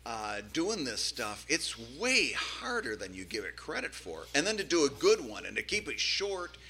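A man co-hosting a podcast in casual chat, telling stories in an animated, self-deprecating way with many restarts. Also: medium pitch, moderate pace, a little hiss or hum. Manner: animated, self-deprecating, repeats words while storytelling. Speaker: podcast co-host.

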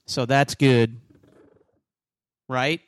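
A man hosting a podcast in casual chat, jokey and teasing, with quick banter. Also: medium pitch, fairly even intonation. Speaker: podcast host.

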